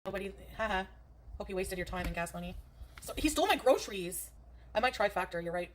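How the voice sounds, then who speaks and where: A woman from Canada rants on her livestream, profane and defensive. She talks quickly at an ordinary middle pitch, piling one complaint onto the next. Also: lively intonation, noisy background. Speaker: streamer. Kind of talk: ranting livestream.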